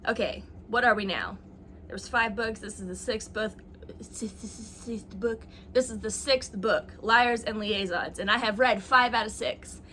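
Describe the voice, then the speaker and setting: A woman's voice: a little high, measured pace, bright, forceful tone, slight background noise. A young woman talking casually on camera about her reading, chatty and self-mocking, with plenty of likes and ums. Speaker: booktuber. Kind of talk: casual chat.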